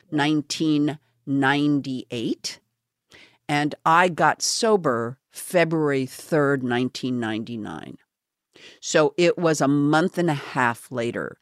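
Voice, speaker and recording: A woman hosting a podcast, talking in an earnest, halting and openly confessional way. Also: rumbling low, dry recording, clean studio sound. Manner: earnest, halting, self-revealing. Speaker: podcast host.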